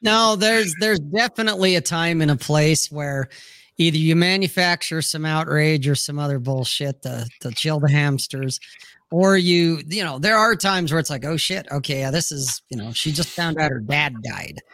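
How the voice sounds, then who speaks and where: Man, raised pitch, blunt joking podcast co-host, dry close recording. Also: moderate pace, fairly bright tone, no echo. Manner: blunt, wisecracking banter. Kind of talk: casual chat.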